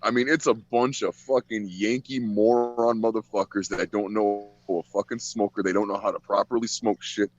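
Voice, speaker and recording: Profane storytelling man, low voice. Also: fairly even intonation, normal speed, few pauses. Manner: profane, storytelling with acted-out quotes. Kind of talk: casual chat. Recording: dull dry lo-fi audio.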